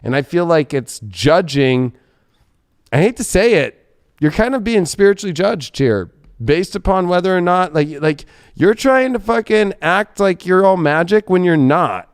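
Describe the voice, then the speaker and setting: A man with a fairly high voice gives a live tarot reading from a studio. He rambles bluntly and swears constantly as he shuffles and reads the cards. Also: expressive, unhurried, clean tone. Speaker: tarot reader.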